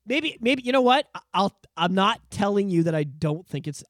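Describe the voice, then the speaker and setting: A man in his thirties co-hosting a casual podcast, an excitable storyteller who swears freely. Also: high voice, moderate pace, dry recording, clean studio sound. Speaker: podcast co-host.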